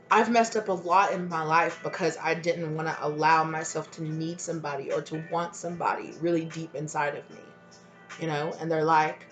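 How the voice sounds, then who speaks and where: Emotional woman giving a tarot reading. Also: lowish voice. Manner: emotional, conversational, lots of "you know" and "right". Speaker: tarot reader. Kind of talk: channelled tarot reading to camera. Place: home room.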